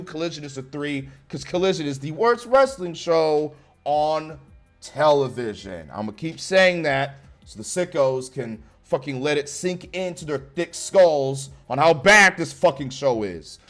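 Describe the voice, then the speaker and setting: Blunt, foul-mouthed man ranting. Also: on the high side. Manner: blunt, sarcastic, swears heavily. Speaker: wrestling show reviewer. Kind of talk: profane ranting review.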